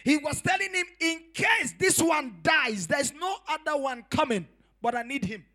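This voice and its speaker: Male pastor, high and sharp-toned, emphatic preacher who shouts the key lines and repeats for effect. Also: lively intonation, measured pace. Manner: repetitive, drives points home with rhetorical questions. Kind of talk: sermon.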